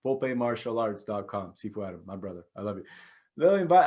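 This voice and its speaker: A man in his forties hosting his own podcast in a casual, rambling solo talk, breaking into sudden excited outbursts. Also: normal speed. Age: 40s. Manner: enthusiastic, rambling, with sudden excited jumps in pitch. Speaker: podcast host.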